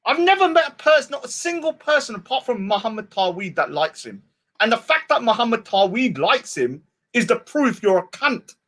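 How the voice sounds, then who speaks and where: A high-pitched man rants and sneers at a rival, his pitch leaping up and down as he piles on insults. His tone is mocking and relentless, a taunting tirade. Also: very animated, moderate pace, a bit bright. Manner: mocking and insulting, mimics his target in a whiny voice. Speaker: street preacher and debater. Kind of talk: taunting rant addressed to a rival. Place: outdoors at a public speaking spot.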